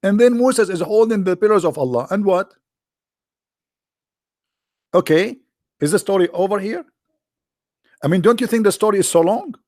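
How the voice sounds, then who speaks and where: A man's voice: high-pitched, expressive, moderate pace, long pauses, a little mellow, no room sound, studio quality. A man with an Arabic-accented English hosting a livestream, talking in a sarcastic, mocking casual commentary. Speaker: livestream host.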